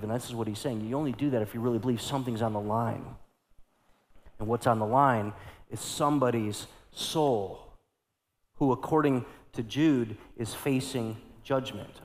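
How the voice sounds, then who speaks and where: A middle-aged male pastor preaching a sermon, going from hushed storytelling to loud, urgent exclamations. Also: mid-range voice, big-room sound.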